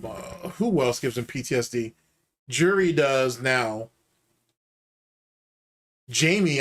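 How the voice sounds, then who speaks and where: A man hosting a live stream, reacting to gameplay clips with animated, laughing trash talk. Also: medium pitch. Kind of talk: casual live-stream commentary.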